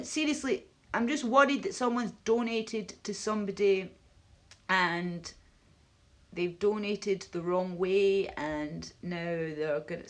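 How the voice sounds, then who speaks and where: Blunt, swearing Scottish woman streamer. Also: lowish voice. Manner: blunt, swears a lot, jumps between topics. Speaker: live streamer. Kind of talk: rambling live-stream chat.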